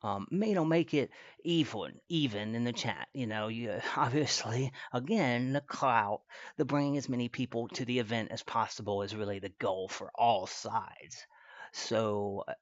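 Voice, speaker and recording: A man's voice: mid-range voice, unhurried, no room sound, highs cut off. A man hosting a stream, giving casual commentary in a rambling way, full of fillers and restarts. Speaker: stream host.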